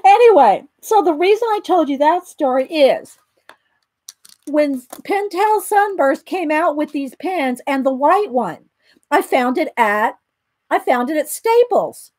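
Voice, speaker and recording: A high, bright-pitched woman with a drawl talks casually as she works on a drawing. She rambles and restarts her sentences, filling the pauses with ums. The recording is close and dry, with no room sound. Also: expressive, no echo. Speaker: art tutorial host. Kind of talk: casual chat while drawing.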